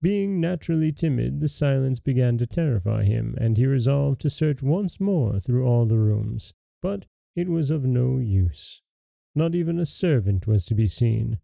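A man hosting a folktale podcast, reading a fairy tale aloud in a measured, gentle storytelling way. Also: medium pitch, vocal fry, dry recording. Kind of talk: scripted narration.

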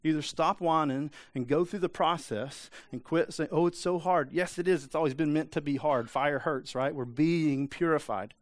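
A man preaching with a fairly high voice, talking straight to his listeners with pointed questions and blunt asides. The sound is close and dry, with no room echo. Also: normal speed, hardly any pauses. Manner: emphatic, conversational preaching with rhetorical questions. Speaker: pastor. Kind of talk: sermon.

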